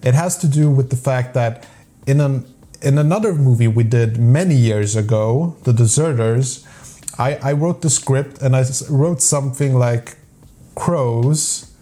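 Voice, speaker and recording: A man's voice: mid-range voice, normal speed, warm tone. A man hosting a casual chat about making films, chatty and often laughing mid-sentence. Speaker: video host, amateur filmmaker.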